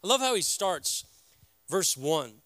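A middle-aged man preaching a sermon as a pastor, earnest and halting, speaking from the heart. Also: high-pitched, sing-song, sharp tone, dry recording.

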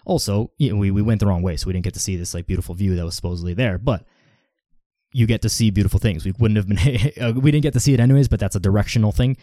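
A man's voice: lowish voice, quick pace, warm tone, no echo. Man, casual podcast host, filler-heavy rambling, dry close sound. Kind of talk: casual solo podcast talk.

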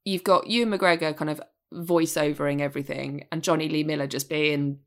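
A woman's voice: sits low, steady tone, fairly quick. A British woman chatting about a film's cast, enthusiastic and prone to repeating herself. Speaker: podcast co-host. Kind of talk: casual film discussion.

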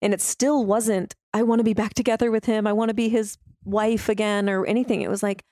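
A woman's voice: mid-range voice, steady tone, a little fast, hardly any pauses, warm tone, dry recording, studio quality. A woman telling a heartfelt personal story openly, using many fillers like "like". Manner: heartfelt, open, with fillers like "like" and "you know".

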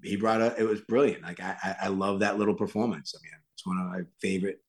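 A man's voice: low voice, fast talker. A man from Worcester, Massachusetts, a guest actor rambling casually through anecdotes and acting out the quotes. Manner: animated, rambling, acts out quotes loudly.

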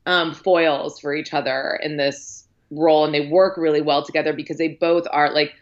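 A woman with a very low voice chats about a film on a podcast, full of "like" and "um" and quick acted-out quotes. Her sound is a little dull and muffled. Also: steady tone. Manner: chatty, lots of likes and ums, acts out quotes. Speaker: podcast guest, film critic. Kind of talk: casual film discussion.

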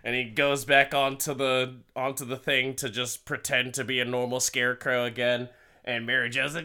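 A man's voice: mid-range voice, level tone, normal speed, bright, forceful tone, clean tone. Man laughing through a crude story recap. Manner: laughs often, swears freely, rambling asides. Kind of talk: casual comedic story recap.

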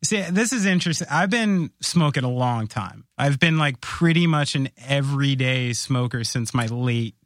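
A man hosting a podcast, telling stories in a rambling, animated way during casual chat. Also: medium pitch, moderate pace, few pauses, no echo, studio quality. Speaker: podcast host.

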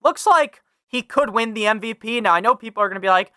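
Young male fantasy sports podcaster, brash and profane, bright forceful tone, dry close sound. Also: high voice, fast, clear, resonant tone, no room sound. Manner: brash, swears freely, talks to listeners directly; reads a sponsor ad. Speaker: fantasy football podcast host. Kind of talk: casual profane sports analysis.

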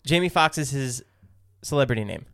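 Playful young man with a smooth voice. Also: medium pitch, lively intonation, fairly quick, a bit bright, no echo, clean studio sound. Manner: playful, laughs often, teasing. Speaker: podcast co-host. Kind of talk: casual podcast chat with read ads.

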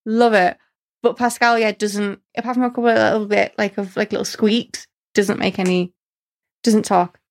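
A woman's voice: medium pitch, flat delivery, moderate pace. A woman in a casual chat, talking enthusiastically and acting out quotes in different voices.

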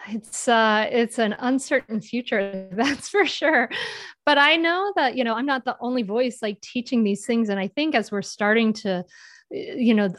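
A woman's voice: fairly high pitch, fairly bright tone, no room sound, studio quality. A woman speaking as a podcast guest on mindful parenting, earnest and reflective in casual interview talk.

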